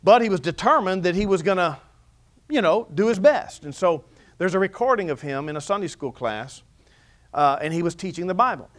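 A man's voice: high-pitched, expressive, a little fast. A man preaching a sermon as pastor, mixing scripture reading with humor. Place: church.

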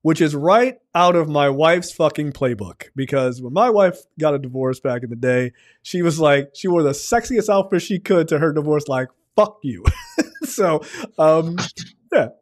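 A man's voice: fairly high pitch, normal speed. Profane, rambling male movie reviewer. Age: 40s. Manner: loose and profane, with many fillers and acted-out quotes. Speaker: podcast co-host. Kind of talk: casual movie review chat.

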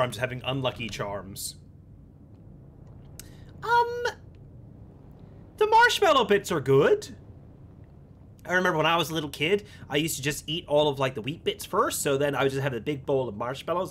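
A man's voice: medium pitch, sing-song, normal speed, pauses often, a bit bright, slight background noise. A man hosting a gaming video, rambling playfully and swearing freely as he plays. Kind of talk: let's play commentary.

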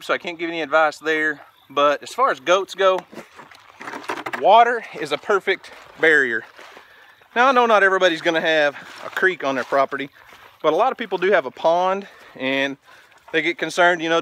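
Outdoors by a farm creek, a homestead vlogger talks to the camera in a folksy, casual way while out of breath and coaxing goats. His voice is on the high side with a sharp tone.

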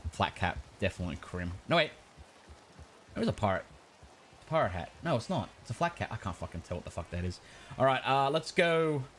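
A man's voice: medium pitch, sing-song, fairly quick, slight background noise. A man streaming a game, chatting casually, swearing often and laughing a lot. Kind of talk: casual gaming stream chat.

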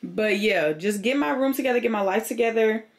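A woman's voice: fairly high pitch, brisk. A woman vlogging casually to the camera from her bedroom, chatting with viewers and calling them y'all. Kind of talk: casual vlog chat to camera.

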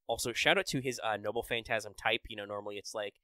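Bright, crisp-voiced man breaking down game details. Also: fairly low pitch, fairly even intonation, quick pace, no echo, rough recording. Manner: enthusiastic, detailed game analysis with fillers. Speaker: podcast host. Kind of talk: casual podcast chat about a mobile game.

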